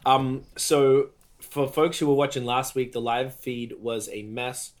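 A man's voice: mid-range voice, little pitch movement, a little slow, noisy background. Sweary joking Australian man. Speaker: podcast co-host. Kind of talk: casual chat.

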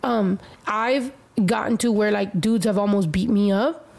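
A woman's voice: medium pitch, measured pace, vocal fry, darkish tone. A young woman co-hosting a casual chat, laid-back and drawling, full of filler words and swearing.

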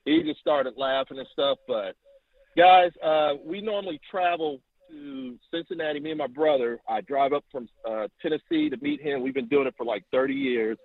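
Animated man on a phone line. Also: moderate pace, creaky, no echo. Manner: animated, acts out quotes with rising pitch. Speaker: caller. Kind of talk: phone-in storytelling. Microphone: telephone.

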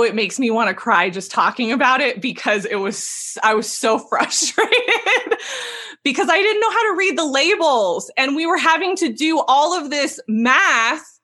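A woman in her thirties, a podcast guest telling a personal story in an animated way and laughing as she talks. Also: fairly high pitch, moderate pace. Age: 30s. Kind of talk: casual interview storytelling.

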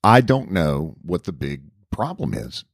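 Very deep-voiced wry male co-host. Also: unhurried, vocal fry, no room sound, studio quality. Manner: wry, teasing, deadpan jokes. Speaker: radio co-host. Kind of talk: casual chat.

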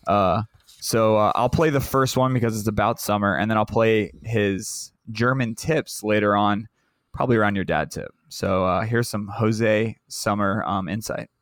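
A man's voice: on the low side, normal speed, no room sound, clean studio sound. A man hosting a casual podcast, rambling through intros with many "uh"s and swearing with friends. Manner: loose, rambling, lots of fillers and swearing. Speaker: podcast host.

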